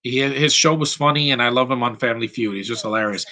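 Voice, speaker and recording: A man's voice: mid-range voice, fast talker, sharp tone. A man giving casual live commentary over a movie, blunt and rambling, going off on tangents.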